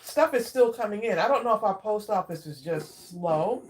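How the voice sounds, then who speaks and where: A woman hosting a casual craft livestream, chatting warmly with viewers by name and drawing out her exclamations while she eats. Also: mid-range voice, expressive, normal speed. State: eating while talking. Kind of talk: casual live chat with viewers.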